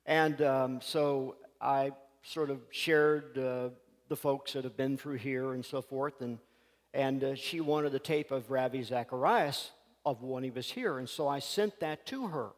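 A man preaching a sermon, telling stories in a folksy, animated way before a scripture reading. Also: medium pitch, a little slow. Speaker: pastor. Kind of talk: sermon with storytelling. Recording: reverberant church hall.

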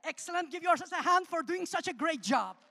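A woman from Armenia with a very high, creaky voice speaks a little fast as a guest in church. She gives a humorous, animated sermon and testimony, calling out to the congregation, with long church-hall reverb on the recording.

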